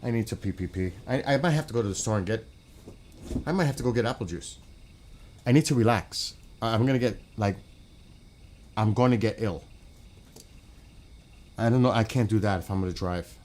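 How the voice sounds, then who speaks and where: A man's voice: fairly low pitch, a little fast, long pauses, darkish tone, slight background noise. A man on a gaming stream in casual chat. He talks bluntly and swears a lot, rambles and restarts his sentences, and often drifts away from the mic.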